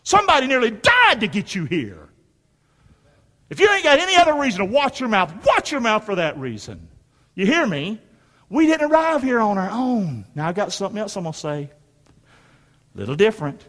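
With a high, sing-song voice that sounds pushed and bright, a middle-aged pastor preaches at normal speed. He is emphatic, calling for the congregation to answer back. Long hall reverb fills the church sanctuary recording.

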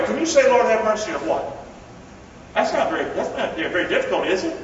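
A man's voice: high voice, sing-song, brisk, a little hiss or hum. A man preaching a sermon as pastor, calling on the congregation to repeat phrases back to him. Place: church hall. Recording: echoey hall from far off, dull sound.

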